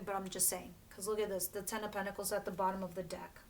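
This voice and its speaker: A fast-talking tarot reader, this woman has a mid-range voice with little pitch movement, and a faint hiss or hum sits under the audio. Her casual channel reading is blunt and chatty, peppered with fillers and restarted, self-corrected phrases.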